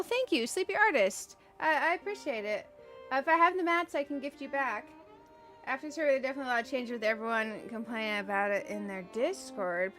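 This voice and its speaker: A woman's voice: on the high side, fairly bright tone. A woman streaming a game, chatting casually, giggling often and greeting viewers by name. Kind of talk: casual live-stream chat while playing.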